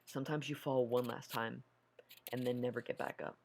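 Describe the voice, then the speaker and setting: Gravelly-voiced man reading a horror story. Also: medium pitch, fairly even intonation, moderate pace, a little mellow, slight background noise. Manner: stumbles over words, nervous, self-correcting. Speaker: story narrator.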